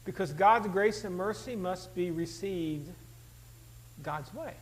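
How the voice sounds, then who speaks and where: Male pastor, very high voice, conversational animated sermon delivery. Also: slow, rough recording. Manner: animated, conversational, rhetorical questions to the congregation.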